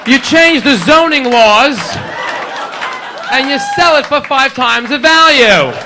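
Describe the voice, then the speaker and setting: Brash high-voiced stand-up comedian. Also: male voice, lively intonation, slow. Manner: brash crowd work, shouting punchlines and acting out characters. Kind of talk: stand-up routine. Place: comedy club stage. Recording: live club with crowd laughter and ambient noise.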